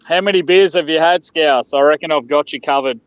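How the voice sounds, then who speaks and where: A man's voice: a little high, fairly quick, no echo. A man with an Australian accent, joking and laughing in a casual live stream chat. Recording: dull dry lo-fi sound.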